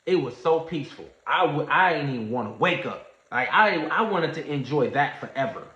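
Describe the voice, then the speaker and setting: A man telling a story in a casual livestream, animated and slangy, acting out what others said. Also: fairly high pitch, moderate pace. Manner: animated storyteller, acts out quoted voices, Southern US slang. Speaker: trading streamer. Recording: echoey room, dull lo-fi sound.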